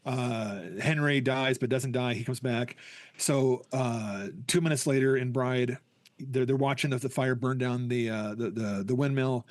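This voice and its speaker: A man's voice: medium pitch, steady tone, a little slow, no room sound. A man hosting a podcast, chatting casually and enthusiastically, often stumbling and restarting. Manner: enthusiastic, rambling with many restarts. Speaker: podcast host. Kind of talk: casual chat.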